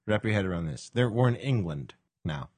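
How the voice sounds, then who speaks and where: A man's voice: on the low side, lively intonation, a little fast, darkish tone, slightly rough, no room sound. Podcast host guy, jokey, swears, laughs lots, dry close sound. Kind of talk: casual chat.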